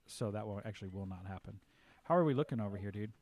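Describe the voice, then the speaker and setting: A man's voice: fairly low pitch, animated, fast talker, a little mellow. A man hosting a casual live stream, talking through his game in a loose, rambling way. He leans on filler words and restarts as he reads chat aloud.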